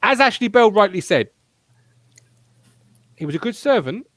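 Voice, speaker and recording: A man hosting a casual fan podcast, animated and teasing his co-hosts as he leads the chat. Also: high voice, moderate pace, no echo. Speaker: podcast host.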